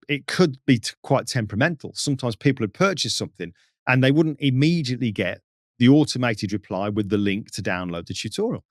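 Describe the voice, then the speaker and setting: Brief: male guest, expressive story-teller, pitch swings widely, dry mic. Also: no room sound. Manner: lively, acts out the people in his stories. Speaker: podcast guest. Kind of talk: animated anecdote telling.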